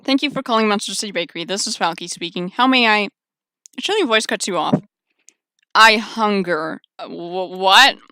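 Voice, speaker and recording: A woman's voice: medium pitch, expressive, quick pace, a bit bright, dry recording. A woman streamer reading a dating visual novel aloud, chatty and wry with sarcastic asides.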